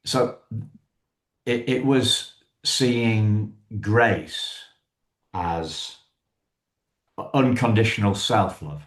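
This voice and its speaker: A man hosts an interview, groping for words with many halting restarts. He speaks very slowly in a somewhat low voice. The room gives his voice a noticeable echo. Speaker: podcast host. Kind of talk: conversational interview.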